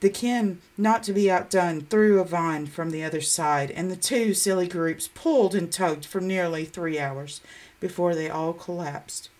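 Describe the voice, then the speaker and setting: Gentle woman reading a storybook. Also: fairly low pitch. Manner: gentle, slowing to a hush. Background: background music.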